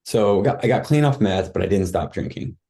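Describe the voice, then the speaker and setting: A man's voice: fairly low pitch, expressive, fairly quick, vocal fry, warm tone. A man guest on a podcast, telling his life story in a candid, rambling way with many fillers and restarts. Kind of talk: casual storytelling.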